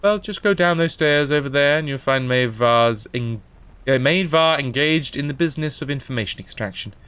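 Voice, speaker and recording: A man voicing a sultry, flirtatious female assassin who speaks in a soft, purring, teasing way. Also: mid-range voice, moderate pace, smooth, no echo, close to an everyday voice. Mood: silky.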